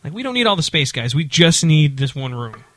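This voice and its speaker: A man's voice: on the high side, sing-song, a little fast, a bit bright, dry recording. A man telling a long story in casual chat, with lots of fillers and restarts. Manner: rambling, many fillers and restarts.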